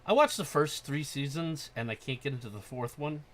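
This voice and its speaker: A man hosting a casual podcast chat, excited and profane, getting loud when he acts out scenes. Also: fairly high pitch, moderate pace. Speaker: podcast host.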